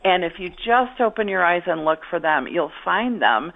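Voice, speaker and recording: A middle-aged woman comedian, here as a stand-up guest, chats casually in an interview, rambling and putting herself down with many restarts. Her fairly low, creaky voice is expressive and moves at a moderate pace. The audio sounds like it came over a phone.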